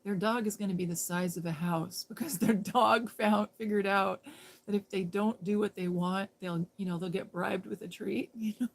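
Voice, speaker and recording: A woman's voice: medium pitch, steady tone, normal speed, gravelly. Chatty woman rambling on a livestream. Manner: rambling, self-interrupting, laughs often. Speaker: livestream host. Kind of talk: casual chat on a live stream.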